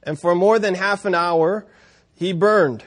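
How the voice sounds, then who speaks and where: A man's voice: high voice, unhurried. Man preaching a story with wry asides. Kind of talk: sermon.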